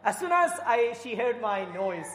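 A man's voice: extremely high pitch, sing-song, moderate pace, a bit bright, slight background noise. An Indian-accented man delivers a sermon, telling stories and then building to fervent emphasis. His voice rings through a church with long reverb and a roomy echo. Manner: storytelling, rising to fervent emphasis. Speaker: preacher studying for the priesthood.

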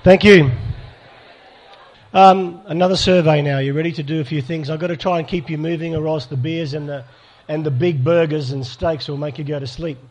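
A man's voice: on the high side, fairly even intonation, normal speed. Man leading a church workshop. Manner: pastoral and direct, asks audience for hands up. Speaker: speaker at a church conference. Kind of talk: live workshop talk to an audience.

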